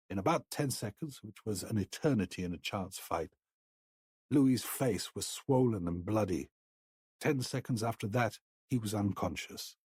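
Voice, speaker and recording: A man reading a horror audiobook in a measured, grave storytelling manner. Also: lowish voice, a little mellow, husky, no echo, clean studio sound. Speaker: audiobook narrator. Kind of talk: scripted horror audiobook narration.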